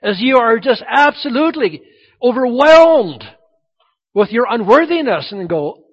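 A middle-aged man preaching a sermon as pastor, animated and acting out the voices he quotes. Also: very high-pitched, measured pace, slightly rough, long reverb tail. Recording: dull lo-fi sound.

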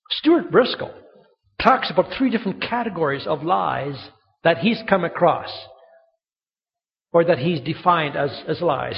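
A male pastor with a high, gravelly voice delivers a sermon in a church hall. He tells stories and acts out the voices of the people in them. The sound is muffled and rings with a long echo. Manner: animated storytelling, acting out quoted voices.

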